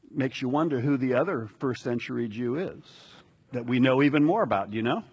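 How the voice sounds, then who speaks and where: A man delivering a conversational sermon as a pastor, relaxed and chatty with asides to the congregation. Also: medium pitch, fairly quick, breathy edge.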